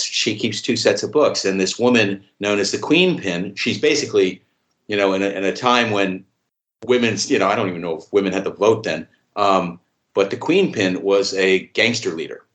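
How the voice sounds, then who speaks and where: A man with a lowish voice, talking as a podcast guest. He rambles along casually, leaning on "you know" and the odd curse word. His voice rings in a noticeably echoey room. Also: normal speed, a bit bright. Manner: rambling, peppered with "you know", swears freely. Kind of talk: casual conversation.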